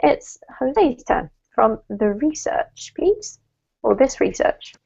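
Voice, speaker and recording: A woman's voice: fairly high pitch, expressive, takes it slowly, gravelly, dark tone, slightly rough. Encouraging woman teacher on a muffled call. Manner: encouraging, corrects pronunciation. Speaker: English teacher. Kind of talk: online English lesson. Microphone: video call. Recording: muffled online call audio.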